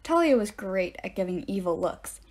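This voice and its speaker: A woman reading a novel aloud in an expressive way, with deadpan asides. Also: mid-range voice, moderate pace. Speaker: narrator. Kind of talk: audiobook-style reading aloud.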